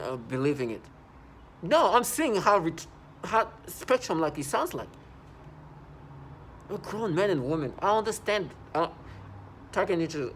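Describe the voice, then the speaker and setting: A man with a fairly high voice rambles agitatedly through a personal vlog, often restarting and correcting himself. A faint hiss or hum runs under the recording.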